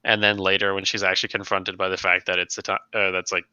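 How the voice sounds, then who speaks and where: A man chatting casually with fellow players about their tabletop campaign, animated and slipping into quick character voices. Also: low-pitched, smooth, dry recording, lo-fi sound.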